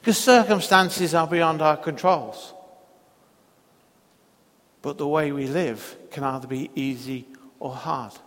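Slow, measured male preacher in a reverberant church. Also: a little high, a bit bright. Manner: slow, measured storytelling with long pauses. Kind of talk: sermon.

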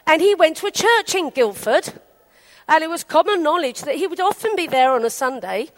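A woman's voice: high-pitched, fairly quick. A woman from England preaching a sermon in a chatty storytelling way, acting out the people in her anecdotes. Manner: chatty, animated, acts out quotes.

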